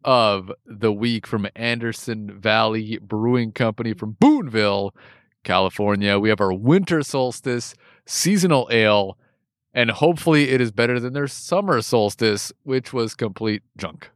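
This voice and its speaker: A man's voice: on the low side, a little slow, no room sound. Man, easygoing podcast co-host, rambly and chuckling, dry close sound. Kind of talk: casual tasting chat.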